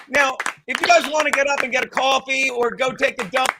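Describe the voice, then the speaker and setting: A man hosting a casual comedy podcast, telling stories in a profane, excitable way, often laughing and breaking into shouts. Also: very high-pitched, very noisy. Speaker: podcast host.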